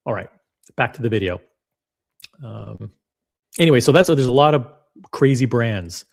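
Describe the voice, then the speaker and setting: Blunt, animated man reacting. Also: mid-range voice, normal speed, vocal fry, pauses often. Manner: animated, rambling, blunt and profane. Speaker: watch channel host reacting to clips. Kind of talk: casual reaction commentary.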